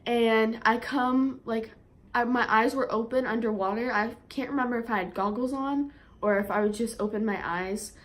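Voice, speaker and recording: A young woman vlogger telling a story in a chatty way, with lots of fillers, and getting animated when she quotes herself. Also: a little high, moderate pace. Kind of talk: storytime vlog.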